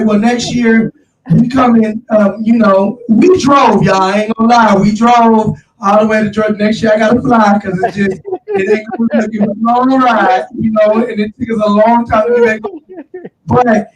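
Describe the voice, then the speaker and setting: Excitable slangy guy hosting a chat, high voice, sits back from the mic in an echoey room. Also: far from the mic. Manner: animated, slangy, addresses listeners as y'all. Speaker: show host. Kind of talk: casual chat. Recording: roomy, off-mic sound.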